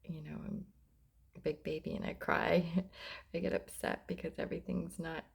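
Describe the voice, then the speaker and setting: A middle-aged mother talking about faith and self-love in a casual vlog, often dropping into soft whispers. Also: low-pitched, little pitch movement, normal speed, creaky, husky. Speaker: mother sharing reflections. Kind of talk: casual heartfelt vlog talk.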